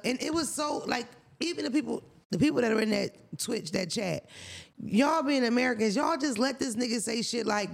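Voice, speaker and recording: A man co-hosting a casual podcast chat, with a gravelly edge that keeps slipping into fry. He tells stories bluntly and profanely, with animated emphasis. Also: extremely high pitch, moderate pace. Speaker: podcast co-host.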